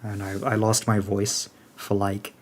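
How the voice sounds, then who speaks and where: Guy with a lowish voice rambling about his game alliance, lots of ums and likes, casual chat. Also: flat delivery, unhurried. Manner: rambling, thinks aloud with many fillers. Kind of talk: casual chat answering questions.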